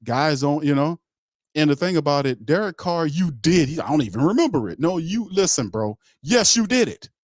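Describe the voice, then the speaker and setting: A man's voice: fairly high pitch, lively intonation, moderate pace, dry recording, clean studio sound. A man hosting a sports talk show, giving blunt, emphatic, heated opinions in casual slang.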